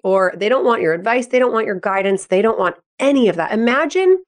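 A sports psychology coach in her thirties hosts an advice podcast, talking fairly quickly with few pauses. She's upbeat and expressive, and acts out quotes using a higher voice.

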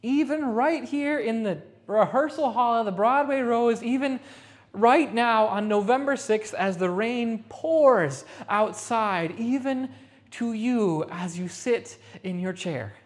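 A woman pastor delivering a Sunday sermon in a rehearsal hall, repeating phrases and slowing down to stress key lines. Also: on the high side. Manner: emphatic repetition, slowing for stress.

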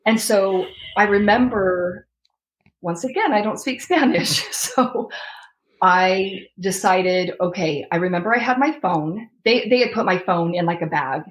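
A woman's voice: mid-range voice, unhurried, low-quality recording. A woman in her thirties telling her personal story as an interview guest, reliving her own past words.

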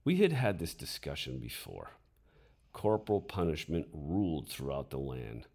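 A man's voice: extremely low pitch, wildly swooping pitch, moderate pace, gravelly, darkish tone, slightly rough. A man reading his own memoir story aloud, dramatic in delivery and voicing his inner thoughts.

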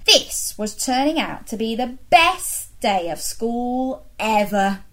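Animated woman reading a children's story. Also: on the high side, slow, background noise. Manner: animated, asks children questions.

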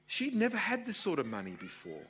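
A pastor in his sixties with an Australian accent preaches a sermon, animatedly telling his congregation a family story. His voice is high-pitched and a little fast, with slight background noise.

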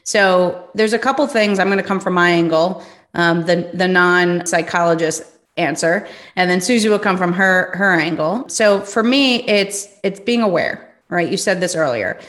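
Animated woman hosting a business talk show. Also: on the low side, normal speed. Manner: animated, acts out her own reactions. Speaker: podcast host. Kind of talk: casual conversation.

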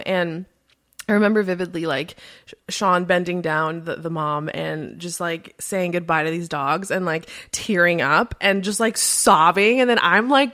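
A woman hosting a podcast, telling a story in casual chat with lots of fillers and quick laughs. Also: medium pitch, fairly bright tone. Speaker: podcast host.

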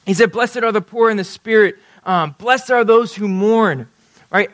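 A man's voice: high voice, fairly bright tone. A man preaching a sermon, talking conversationally and checking in with his listeners. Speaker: pastor.

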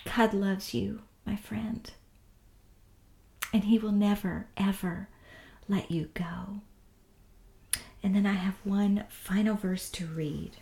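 Woman, devotional teacher, slow and hushed, earnest, echoey room. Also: medium pitch, steady tone, vocal fry. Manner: gentle, earnest, often soft and hushed. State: tearful. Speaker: podcast Bible teacher.

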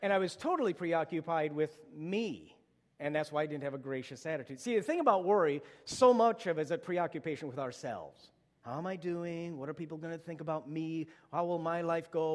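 Middle-aged male pastor, conversational sermon delivery that builds to urgent appeals, fairly high voice, echoing sanctuary. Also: fairly quick. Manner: conversational storytelling, rising to urgent exhortation.

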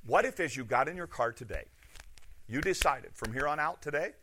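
A man delivers a lively sermon, firing off rhetorical questions. His voice sits a little high and rings bright and forceful, rising to loud points and dropping to hushed asides. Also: fairly quick. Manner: animated, rhetorical questions, swings between loud and soft. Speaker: pastor.

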